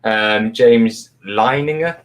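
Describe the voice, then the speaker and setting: A man's voice: lowish voice, slow, crowd noise. Rambling man on a video call. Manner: rambling, many fillers and restarts. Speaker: co-host of a live paranormal show. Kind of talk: casual livestream chat, telling a story.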